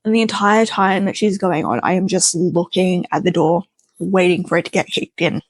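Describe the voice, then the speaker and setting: A woman's voice: lowish voice, normal speed, no echo. A young woman telling a wild personal story in a casual, chatty way, acting out the voices of the people in it. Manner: animated, chatty, acts out quoted voices.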